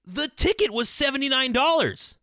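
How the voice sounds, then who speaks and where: Brief: male podcaster ranting solo, lively swinging pitch, dry close closet sound. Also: moderate pace, no room sound. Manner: animated, exasperated storytelling. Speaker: podcast host. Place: small closet.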